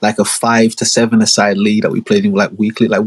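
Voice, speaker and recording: A man's voice: lowish voice, brisk, hardly any pauses, slight background noise. A young man, hosting a podcast and telling long, rambling stories in casual slang, with many asides. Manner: slangy, rambling, full of asides and acted-out quotes. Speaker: podcast host. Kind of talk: casual storytelling monologue.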